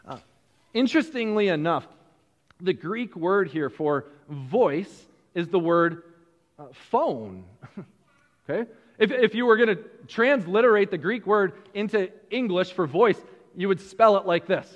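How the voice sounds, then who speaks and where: A man preaching a sermon as pastor, animated, repeating words and chuckling between points. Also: high-pitched, a little slow, in a large hall, highs cut off.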